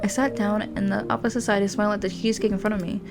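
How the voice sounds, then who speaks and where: A young woman reads a romance game aloud in a middle-pitched voice, breaking off to giggle and ramble. Bright game music plays steadily behind her. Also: level tone, racing. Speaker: streamer. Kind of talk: reading a story game aloud with asides.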